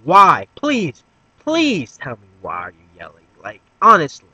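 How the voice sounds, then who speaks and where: A man's voice: fairly high pitch, huge pitch swings, a little slow, sharp tone, husky, no echo, exaggerated voice, low-quality recording. A man voicing a sleepy, laid-back young slacker who questions in a drawling, mock-formal way. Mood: annoyed.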